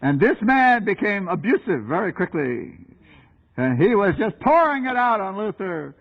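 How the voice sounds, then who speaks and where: A male preacher telling a story in a sermon, animated and laughing often, on a dull lo-fi recording. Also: sits high, normal speed, vocal fry.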